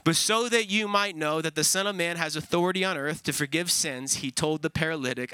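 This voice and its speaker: A man's voice: fairly high pitch, a little fast, hardly any pauses, sharp tone, clean tone, no echo, rough recording. A man pastor preaching an earnest, emphatic sermon, repeating key phrases for weight.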